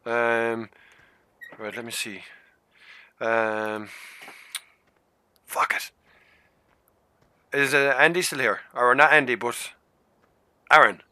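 A man's voice: medium pitch, takes it slowly, long pauses, clean tone. A man hosting a casual gaming stream with friends, swearing freely and telling stories. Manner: swearing, storytelling, excitable. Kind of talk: casual chat among friends.

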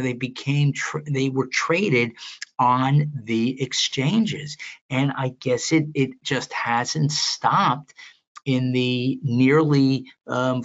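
An older man being interviewed as a veteran market analyst, telling long anecdotes in a rambling, animated way with many restarts. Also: mid-range voice, lo-fi sound. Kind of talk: storytelling interview.

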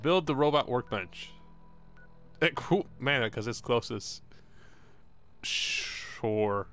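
A man's voice: mid-range voice, animated, slow pace, fairly bright tone. Jokey, rambling gamer guy. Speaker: gaming video host. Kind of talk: casual let's-play commentary.

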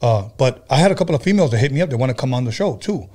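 On his casual chat show, a male podcast host tells loose, profane stories full of stumbles and restarts. His medium-pitched voice is dark in tone, animated, and racing.

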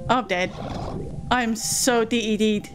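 A woman's voice: fairly high pitch, fairly even intonation, measured pace. A woman giving chatty let's play commentary, easily flustered and talking to herself and the game. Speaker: gaming host. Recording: game music under voice. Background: game music.

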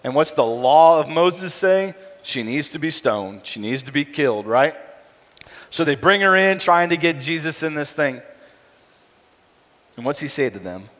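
A middle-aged man preaching a sermon in a casual, conversational way, often tagging his points with a quick question to the room. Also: a little high, animated, fairly bright tone. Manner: conversational, frequent tag "right?". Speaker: pastor. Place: church sanctuary. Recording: long hall reverb.

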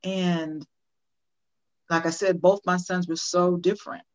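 A woman's voice: lowish voice, level tone, a little slow. An older woman speaking as a guest in an interview, earnest and emphatic, often repeating questions for effect. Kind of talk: conversational interview. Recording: dull lo-fi audio.

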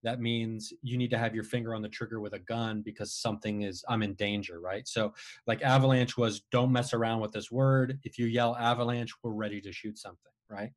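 A man's voice: mid-range voice, brisk. Man telling a rambling story. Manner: rambling, restarts often, animated retelling. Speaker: guest storyteller. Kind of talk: casual storytelling.

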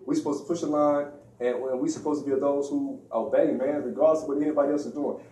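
A man's voice: medium pitch, fairly even intonation, fast, dark tone. A man giving an informal religious lecture in a preachy, slangy way, acting out the voices he quotes. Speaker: religious speaker. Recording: echoey room, distant mic.

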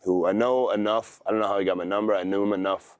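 A man's voice: lowish voice, steady tone, fast talker, no room sound. A man in his thirties telling stories in a laid-back, rambling way as an interview guest. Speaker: wrestler guest. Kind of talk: casual interview talk.

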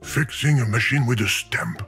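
A man's voice: mid-range voice, normal speed, a bit bright, soft background music, lightly acted. A man voicing a talking video game that frets over and scolds the player in a theatrical way. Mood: sarcastic.

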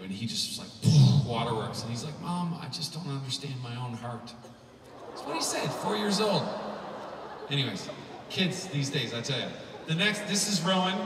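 A man's voice: fairly high pitch, noisy background. A man in his thirties, a musician giving a humorous, rambling keynote with lots of fillers, heard from afar at a conference. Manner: rambling, joking, chatty with many fillers. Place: large conference hall. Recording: echoey hall, from far off.

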